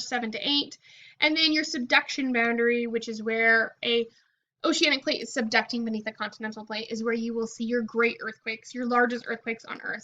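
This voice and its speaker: In a dull, lo-fi lecture recording, a woman who teaches college geology guides her students through the material. Her voice is bright, forceful, and a little high. She keeps things relaxed, asking "okay" to check in and filling pauses with "um."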